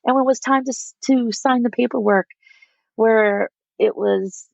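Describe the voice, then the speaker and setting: Gravelly-voiced woman telling animated stories. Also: medium pitch, normal speed, no room sound, dull audio. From United States. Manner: animated, acts out quotes of others. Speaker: micro school founder, guest. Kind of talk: casual storytelling interview.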